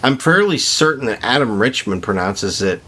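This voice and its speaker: Male gaming host, bright tone, chatty opinionated rambling, faint noise behind. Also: mid-range voice, expressive, normal speed. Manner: rambling, opinionated, joking rants. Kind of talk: casual gameplay commentary.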